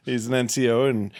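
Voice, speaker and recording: A man's voice: medium pitch, a little mellow, no echo, studio quality. A man on a podcast telling a crude war story, laughing through it. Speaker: podcast co-host, veteran. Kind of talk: casual storytelling chat.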